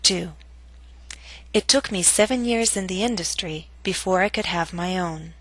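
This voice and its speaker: A woman teaching English pronunciation, reading scripted instructions and slow model sentences for learners to repeat. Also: on the low side, a bit bright, no echo, rough recording.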